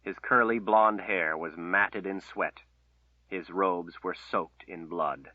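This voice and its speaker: A man narrating a fantasy novel in a solemn, measured reading over a tinny phone-like line. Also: sits low, no echo. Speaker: audiobook narrator.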